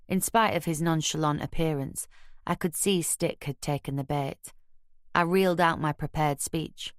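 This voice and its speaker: A woman narrating a crime audiobook in the first person, measured and wry, recorded close on a studio mic. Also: low-pitched, no room sound.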